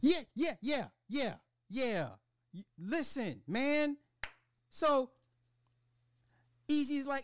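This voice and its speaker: A man hosting a podcast in casual chat, animated and slangy, with lots of restarts and swearing. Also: very high voice, slow pace, no echo, clean studio sound. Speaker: podcast host.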